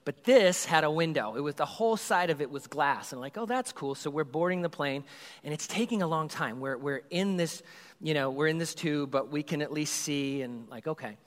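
Man, youth group leader, rambling comedic storyteller, slightly high voice, long hall reverb. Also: moderate pace. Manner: animated, rambling, acts out scenes.

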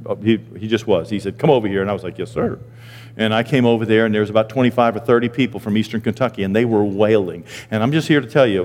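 Older pastor preaching in a reverberant hall. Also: male voice. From Maine. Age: 60s. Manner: storytelling, jumps into high squeaky voices for quoted people. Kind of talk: sermon. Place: church sanctuary.

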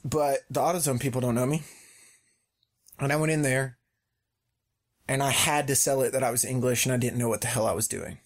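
A man's voice: mid-range voice, fairly even intonation, brisk, long pauses. A young man co-hosting a podcast, telling prank stories in a joking, rambling way with many ums. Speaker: podcast co-host. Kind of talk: casual chat.

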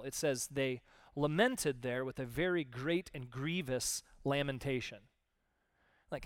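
Animated male pastor preaching a sermon. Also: a little high, dry recording, clean studio sound. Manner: conversational, animated, acts out quoted voices.

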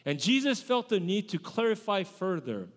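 A man's voice: high-pitched, big pitch swings, moderate pace, in a large hall. A male pastor giving a sermon in a conversational way, often correcting himself mid-sentence. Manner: conversational preaching with self-corrections.

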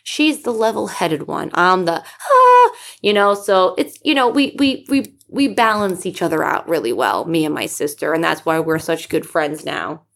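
Woman, thirties, podcast host, excitable casual chat, swears freely, slightly low voice. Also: normal speed, gravelly, hardly any pauses. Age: 30s. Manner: excitable, chatty, swears freely, many fillers.

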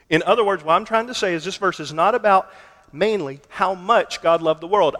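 A man preaching a sermon, deliberate and emphatic, stretching key words for weight. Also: high voice, a bit bright. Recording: long hall reverb.

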